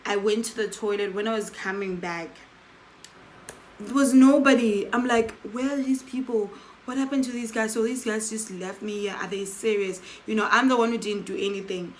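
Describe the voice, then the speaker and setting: A woman's voice: mid-range voice, slight background noise, rough recording. A woman telling a casual story-time tale, acting out the quoted dialogue of the people in it. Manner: animated, acts out quoted dialogue with "I'm like". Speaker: storytelling vlogger.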